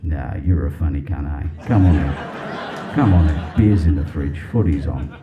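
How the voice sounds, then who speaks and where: A man putting on a gruff blokey Aussie God. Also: a bass voice, measured pace, phone-quality sound, voice pushed down. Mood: gruff matey. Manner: gruff, loud, matey, swearing. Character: laid-back blokey Australian male God. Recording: live club with crowd laughter.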